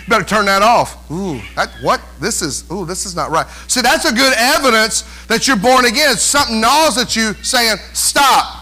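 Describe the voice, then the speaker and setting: Male pastor, high voice, preaching a lively sermon, often drops into mocking whiny impressions. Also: moderate pace, hardly any pauses. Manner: animated preaching, mimics whiny voices, calls for amens.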